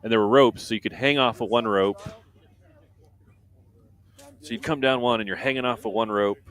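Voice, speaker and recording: Male live race commentator, somewhat low voice, relaxed chatty delivery. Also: normal speed. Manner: chatty, reads out standings and viewer comments. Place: commentary booth at an outdoor race event.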